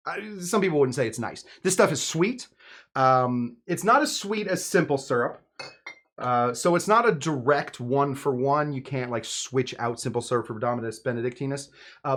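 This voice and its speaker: A man's voice: medium pitch, fairly bright tone. Rambling, jokey man making cocktails. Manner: rambling, jokey, chatty, with many fillers. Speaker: home bartender host. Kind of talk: casual cocktail-making video with live chat.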